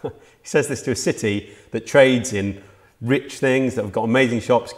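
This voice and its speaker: A man's voice: mid-range voice, moderate pace. A man preaching a sermon for a church livestream, earnest and reflective, often restarting his sentences. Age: adult, past university age.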